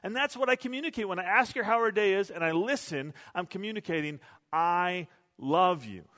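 Bright-voiced pastor in an echoey hall. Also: male voice, high voice, fast. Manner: conversational, self-deprecating storytelling. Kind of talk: sermon.

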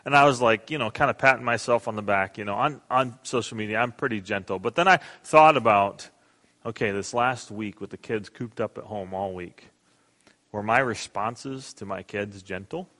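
Earnest pastor with reverb. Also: male voice, fairly low pitch, normal speed. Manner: earnest, emphatic preaching with soft prayerful drops. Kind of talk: sermon.

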